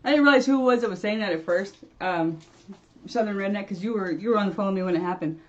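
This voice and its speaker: A woman's voice: medium pitch, fast. Chatty woman medium, muffled audio. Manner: rambling, chatty, laughs often, restarts sentences. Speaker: spiritual medium and channel host. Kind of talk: casual livestream chat answering viewers.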